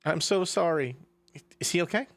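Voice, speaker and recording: A man's voice: on the high side, expressive, moderate pace, very noisy. A man voicing a tearful, apologetic tank girl in a visual novel. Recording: background music.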